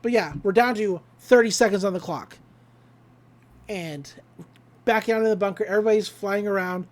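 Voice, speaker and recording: A woman's voice: mid-range voice, moderate pace, a little mellow. A woman recapping a cartoon episode in a casual, chatty, enthusiastic way. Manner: chatty and enthusiastic, with frequent fillers. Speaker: podcast host recapping an episode.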